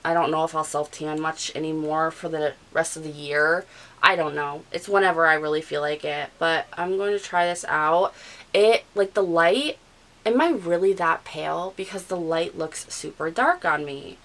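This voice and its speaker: This deep-voiced woman in her thirties talks at a moderate pace in a steady, slightly bright tone, sounding nasal and stuffy from allergies. As a beauty vlogger, she rambles casually while putting on her makeup and describing her routine. The recording is rough.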